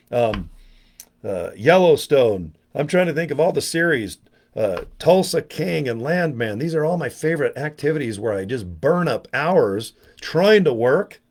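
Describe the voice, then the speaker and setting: Rambling, joking man in his sixties. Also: on the high side. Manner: joking, digressive, self-mocking asides. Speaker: online business vlogger. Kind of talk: rambling casual monologue to camera.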